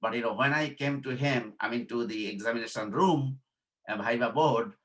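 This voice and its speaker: Guy from bangladesh teaching a workshop, bright forceful voice, repeats himself a lot, keeps saying okay. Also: mid-range voice, moderate pace, low-quality recording. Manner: repeats phrases, asks "okay?" to check understanding; acts out quoted dialogue in softer voice. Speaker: workshop instructor. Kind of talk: informal teaching talk.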